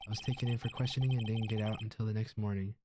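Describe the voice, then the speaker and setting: A man's voice: on the low side, flat delivery, rapid-fire, background noise, close to an everyday voice. A man reading as a matter-of-fact young lawyer. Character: young male defense lawyer narrating. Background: game music.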